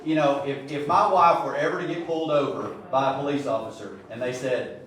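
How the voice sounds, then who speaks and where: A man's voice: medium pitch, fairly quick, a bit bright, distant mic. A middle-aged man leading an informal Bible study, talking conversationally with joking asides and acting out little scenes. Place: church room. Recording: echoey room, voice from afar.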